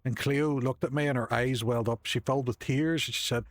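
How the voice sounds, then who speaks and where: A man's voice: mid-range voice, fast talker, few pauses, dry recording. Rambling jokey man. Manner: jokey, rambling, self-mocking. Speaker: streamer playing a video game. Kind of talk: casual gaming chat. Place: home, at his desk. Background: faint game music.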